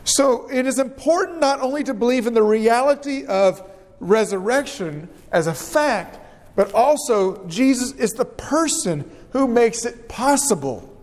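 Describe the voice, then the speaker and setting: A man preaching an earnest, measured sermon and reading scripture aloud. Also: very high voice, animated, a little mellow, in a large hall.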